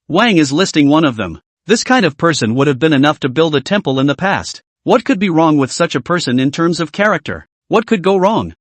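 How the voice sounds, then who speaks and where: A man narrating a comic story recap with lively storytelling. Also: on the high side, no echo.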